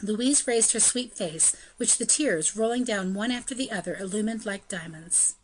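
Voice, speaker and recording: A woman narrating a classic novel in a steady, measured way. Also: mid-range voice, slight background noise, rough recording. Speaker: audiobook narrator. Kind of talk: scripted narration.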